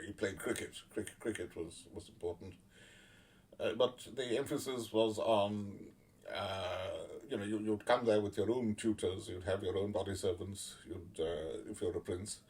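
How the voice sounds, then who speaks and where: A man with a low voice delivers casual commentary in a blunt, sardonic way, swearing freely and filling pauses with "uh" and "you know". He sits some distance from the microphone. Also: darkish tone. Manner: blunt, profane and sardonic, with many fillers. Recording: voice a little far from the mic.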